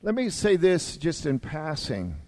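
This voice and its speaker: A man in his sixties, a longtime pastor, preaching a sermon with emphatic swings between urgent raised lines and quiet low asides. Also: big pitch swings, a little slow.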